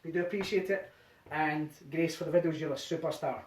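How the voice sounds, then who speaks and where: A man's voice: on the high side, brisk, a little mellow, a little hiss or hum. Male line dance instructor, rhythmic count-calling, slightly winded, distant camera mic in a roomy home. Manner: counts steps aloud in a rhythmic chant. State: a bit out of breath. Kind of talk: teaching a dance workshop from home. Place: living room at home.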